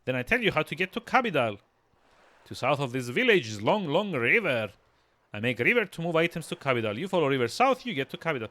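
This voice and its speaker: A man voicing an eager villager who speaks in simple, halting broken English. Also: fairly high pitch, big pitch swings, sharp tone.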